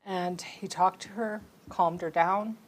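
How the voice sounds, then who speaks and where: A woman's voice: fairly low pitch, fairly even intonation, slow, slight background noise. A woman on a city council giving a heartfelt tribute speech, telling a story in an earnest, emotional way.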